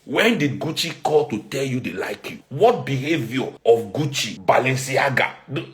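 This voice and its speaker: Animated Nigerian man ranting. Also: medium pitch, normal speed. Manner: rhetorical, heated, emphatic. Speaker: commentator. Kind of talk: heated social commentary.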